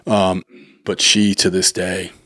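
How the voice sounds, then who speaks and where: A middle-aged man with a very low voice tells stories in a casual podcast chat. He is animated and swears freely, stumbling over repeated words and acting out what others said. The mic is close and the sound is dry. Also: takes it slowly, no room sound. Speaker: chef and barbecue restaurant owner, podcast guest. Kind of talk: casual conversational storytelling.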